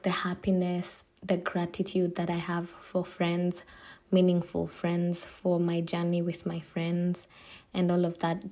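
A young woman hosting a casual solo podcast, chatty and emotional and quick to laugh. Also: fairly low pitch, mellow. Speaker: podcast host.

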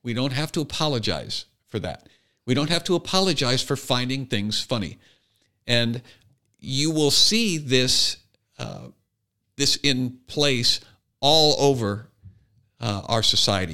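A man's voice: mid-range voice, sharp tone. A man co-hosting a podcast, talking earnestly in a casual chat and building his argument with restarts. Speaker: podcast co-host.

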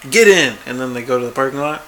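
A man's voice: medium pitch, level tone, rapid-fire, fairly bright tone, slight background noise. A man chatting casually as a podcast co-host, laid-back and chuckling, acting out quoted lines. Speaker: podcast co-host recapping a TV episode. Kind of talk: casual chat.

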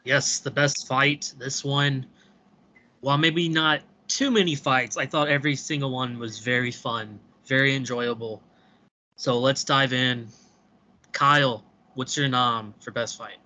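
A man co-hosting a podcast, giving thoughtful, measured opinions in a casual chat. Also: medium pitch, fairly even intonation, sharp tone. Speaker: podcast co-host.

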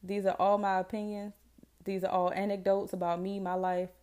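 Southern girl in her twenties rambling on her podcast, mellow voice, real casual and slangy. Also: mid-range voice, level tone, normal speed. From Jacksonville, Florida, US. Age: 20s. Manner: chatty, rambling, self-deprecating, slangy. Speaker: podcast host. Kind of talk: casual solo podcast chat.

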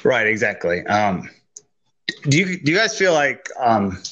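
A man hosting a football talk show, laying out his view in a measured way with frequent fillers. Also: mid-range voice, very animated, a bit bright, lo-fi sound. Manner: measured, hesitant, many fillers. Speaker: sports talk show host. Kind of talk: hosting a sports discussion.

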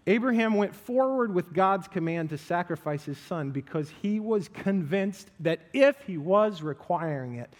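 High-voiced pastor preaching in a hall. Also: male voice. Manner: lively, animated, acts out quoted voices. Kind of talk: casual conversational sermon. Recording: long reverb of a hall.

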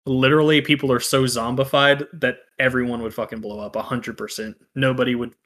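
A man's voice: medium pitch, level tone, a little fast, a bit bright. Laid-back man in a casual podcast chat. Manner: laid-back, swears freely, drawls and trails off. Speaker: podcast co-host.

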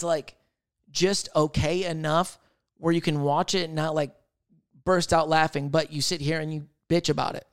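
A man hosting a solo podcast, rambling and thinking out loud in casual chat, swearing freely. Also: a little high, clear, resonant tone, no room sound, clean studio sound. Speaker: podcast host.

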